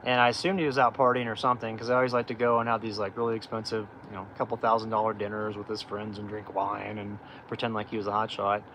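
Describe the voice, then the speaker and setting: A man's voice: on the low side, flat delivery, quick pace, few pauses, a bit bright, slight background noise, rough recording. Middle-aged man telling candid rambling stories. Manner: rambling, candid, many fillers and restarts. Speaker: off-grid channel host. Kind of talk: casual livestream storytelling.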